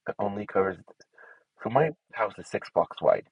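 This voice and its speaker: A man's voice: lowish voice, animated, moderate pace, husky, no echo, poor audio. A man giving casual commentary to himself while he builds in a game. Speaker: gameplay streamer.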